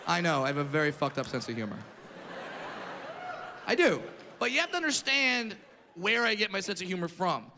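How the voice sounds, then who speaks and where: Brash gravelly stand-up comedian, high voice. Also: male voice, big pitch swings, brisk, long pauses, pushed and bright, a little hiss or hum. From California. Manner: brash, punchy storytelling with crude jokes.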